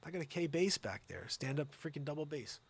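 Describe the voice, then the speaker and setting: A man hosting a live-streamed comedy news show, rambling and sarcastic, jumping between loud reading and muttered asides. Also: on the high side, expressive, a little fast, creaky, slightly rough.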